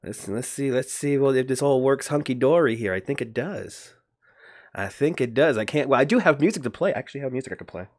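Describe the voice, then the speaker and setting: A man hosting a casual livestream, rambling and greeting viewers by name, his voice jumping up when he gets animated. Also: medium pitch, fairly quick, no echo, studio quality. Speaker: livestream host.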